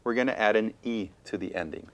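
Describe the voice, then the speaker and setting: A man's voice: lowish voice, quick pace, smooth. A man co-hosting a bilingual Spanish lesson for college television, patiently walking through the rules and checking in with "okay?". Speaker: Spanish teacher, co-host.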